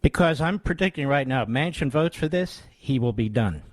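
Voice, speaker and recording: A man's voice: mid-range voice, expressive, brisk, no room sound. A talk radio host in his sixties holds forth in a combative, scornful tone. His voice sits mid-range and is recorded close and dry, with no room sound. He leans hard on key words. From United States. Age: 60s.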